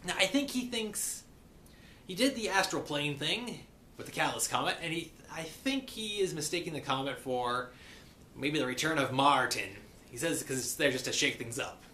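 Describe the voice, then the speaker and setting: A man recapping a cartoon episode in a playful pirate persona, saying "be" for "is" and slipping into quick voices for the characters. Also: a little high, lively intonation, sharp tone. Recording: echoey room with faint hiss.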